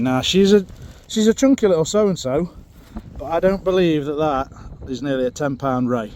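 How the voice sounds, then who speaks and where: A man vlogging while sea fishing on a windy shore, chatting excitedly to viewers and out of breath, recorded on his phone. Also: medium pitch. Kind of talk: casual outdoor commentary to camera. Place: windy seashore outdoors.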